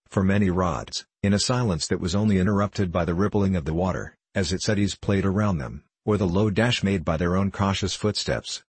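Male audiobook narrator, measured, very low voice, dry close studio sound. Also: breathy edge, no echo, rough recording. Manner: measured, even reading. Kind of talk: scripted narration.

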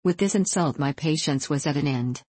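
A woman reading classic fiction aloud as an audiobook narrator, measured and expressive. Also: deep voice, husky, dry recording. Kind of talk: scripted narration.

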